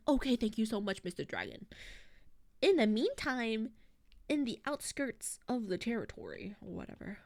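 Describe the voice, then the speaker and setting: A woman streaming as a VTuber, recapping a story to her chat in a rambling, animated way, full of fillers and internet slang. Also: mid-range voice, no echo.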